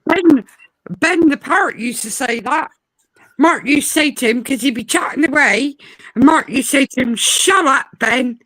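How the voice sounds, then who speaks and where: A woman with a high voice tells lively, rambling stories in casual chat. She slips into quick imitations of a swearing parrot. The sound is dry and close. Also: no echo, low-quality recording. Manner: animated storyteller, mimics a swearing parrot.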